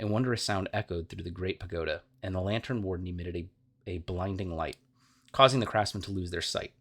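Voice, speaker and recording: Low-voiced man reading game lore. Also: fairly bright tone. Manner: stumbles and self-corrects, apologetic. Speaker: let's play gamer. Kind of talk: reading game lore aloud with casual asides.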